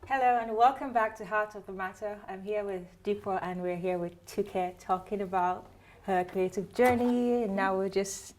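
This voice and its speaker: A woman host with a middle-pitched voice opens the episode and sets up the conversation. She keeps her prompts short and friendly, nudging her guest to tell the story. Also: steady tone, moderate pace, background noise. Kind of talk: casual interview hosting.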